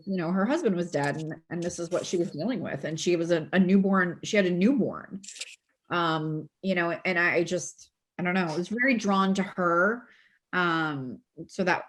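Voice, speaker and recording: A woman author appears as a guest on a casual podcast, speaking in a lowish voice. She's animated and laughs easily, with many fillers and restarts.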